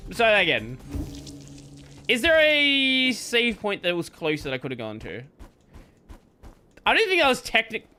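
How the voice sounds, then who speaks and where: A man with an Australian accent chats while streaming a video game, rambling and stopping on plenty of fillers. His voice is high and bright and swings widely in pitch, with faint music playing behind him. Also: wildly swooping pitch, unhurried, pauses often, clean tone. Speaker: gaming streamer. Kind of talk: casual chat while gaming.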